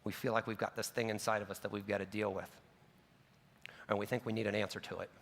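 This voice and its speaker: A man's voice: lowish voice, flat delivery, quick pace, creaky. A man preaching a sermon in an earnest, personal storytelling way, with casual asides and self-corrections. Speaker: pastor. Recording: long reverb of a large hall.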